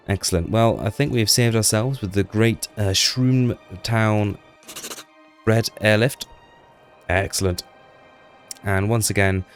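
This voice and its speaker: Chatty man narrating gameplay. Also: low-pitched. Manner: chatty, self-deprecating, talks to game characters. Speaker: gameplay commentator. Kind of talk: casual gameplay commentary.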